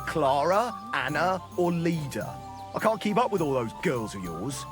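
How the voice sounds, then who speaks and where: An actor playing a crude, jolly drinking buddy in a video game, bawdy and mocking. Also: male voice, fairly high pitch, big pitch swings, unhurried, over music. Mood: rowdy.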